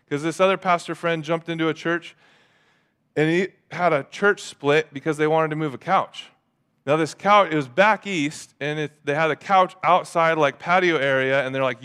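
A man preaching a sermon as pastor in a casual, animated way, often acting out quotes. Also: on the high side, moderate pace.

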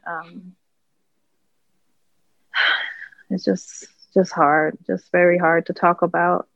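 A grieving relative of a crime victim, pleading softly for the public's help. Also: medium pitch, creaky, dry recording, lo-fi sound. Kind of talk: emotional interview plea.

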